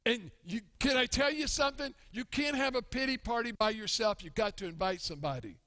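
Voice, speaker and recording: High bright-voiced pastor, slow and drawn out, big echoey church hall. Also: male voice. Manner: animated preaching, acts out grumbling churchgoers. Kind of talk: sermon. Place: church sanctuary. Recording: long church hall reverb.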